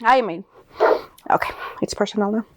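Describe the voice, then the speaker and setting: A woman's voice: medium pitch, very noisy. A young adult woman guest on a podcast, joking playfully and mixing in some Spanish. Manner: playful, quick jokes, mixes in Spanish. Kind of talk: casual chat.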